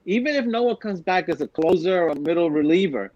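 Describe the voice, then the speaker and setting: Male New sports podcaster, fairly high voice, repeats points, dull dry sound. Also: a little fast, no echo. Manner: animated, repeats himself, teasing. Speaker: podcast co-host. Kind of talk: casual sports talk.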